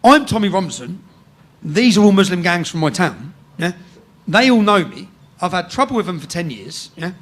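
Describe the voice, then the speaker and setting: English bloke with a high voice, swearing a lot, keeps going "yeah?" as he tells his story. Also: sing-song, normal speed, fairly bright tone. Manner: swears freely, keeps tagging sentences with "yeah?". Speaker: guest storyteller. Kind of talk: casual chat, animated storytelling.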